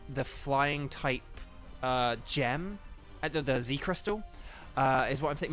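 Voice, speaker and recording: A man, a voice actor, giving casual live commentary while streaming a game, chatty with lots of ums and sudden excited bursts. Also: a little high.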